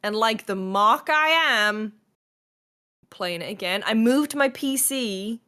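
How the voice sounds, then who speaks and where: Woman co-host; chatty, lively, ranting with a smile. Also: fairly high pitch, slow, clear, resonant tone. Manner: chatty, animated, cheerfully ranting. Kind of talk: casual chat.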